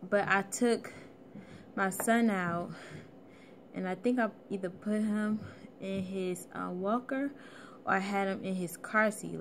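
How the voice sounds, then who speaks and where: A woman's voice: mid-range voice, a little hiss or hum. Breathless woman telling a blunt storytime. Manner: casual and blunt, swears freely. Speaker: vlogger. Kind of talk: storytime vlog.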